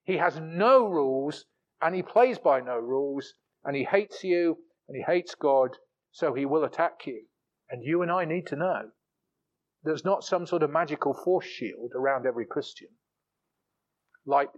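Emphatic male preacher, higher-pitched voice. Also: expressive, unhurried, dull audio. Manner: emphatic preaching, rising to forceful peaks and dropping low for asides; repeats words and restarts phrases. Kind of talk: sermon.

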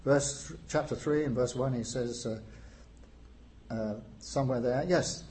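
A man's voice: mid-range voice, fairly even intonation, warm tone, slight background noise. Man preaching a sermon. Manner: unhurried, frequent "uh" pauses, rising emphasis on key phrases.

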